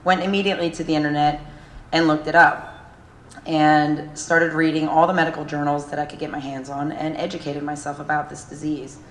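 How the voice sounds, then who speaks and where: A woman's voice: low voice, flat delivery, fairly quick. A middle-aged woman giving an emotional gala speech as a charity founder, earnest, with nervous fillers. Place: large hotel ballroom. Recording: echoey event hall, faint room noise.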